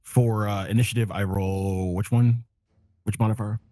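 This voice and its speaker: A man playing a tabletop game, speaking slowly and asking about the rules. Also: on the low side, steady tone, dark tone, no room sound. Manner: slow, asks rules questions. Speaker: player. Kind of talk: casual tabletop game chat.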